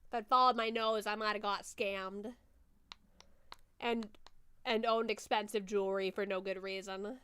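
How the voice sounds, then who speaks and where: A woman's voice: mid-range voice, steady tone, unhurried, pauses often, bright, forceful tone, clean tone, no room sound. A woman streamer chatting casually through a movie watchalong, laughing often and swearing offhandedly.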